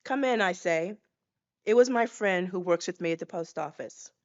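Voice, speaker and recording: A woman's voice: on the low side, moderate pace, lo-fi sound. A woman in her sixties giving a dramatic personal testimony as a guest speaker, acting out scenes as she tells them. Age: 60s.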